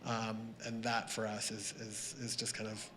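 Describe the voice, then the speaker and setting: A man speaks on a panel in a mid-pitched voice with faint noise behind him. He is reflective and pauses now and then, trailing off quietly. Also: monotone. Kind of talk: panel discussion.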